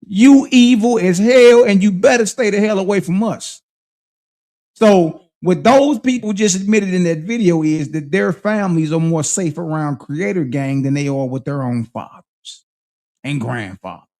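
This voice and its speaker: A man's voice: high-pitched, moderate pace, a little mellow. A man hosting a livestream, preaching and confronting his critics in heated, slang-heavy commentary. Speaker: livestream host.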